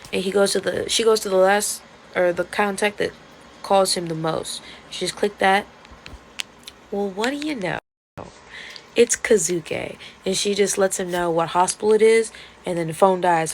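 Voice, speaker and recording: A woman vlogger in a casual, excitable rant, retelling a webcomic plot with plenty of swearing and outbursts. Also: lowish voice, vocal fry, a little hiss or hum. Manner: excitable and profane, storytelling with gasps and outbursts.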